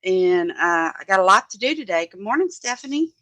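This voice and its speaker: A woman's voice: mid-range voice, very animated, a little fast, hardly any pauses, a bit bright, no room sound. A woman hosting a casual crafting live stream from her home desk, chatting as she works, greeting viewers by name and thinking aloud. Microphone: phone.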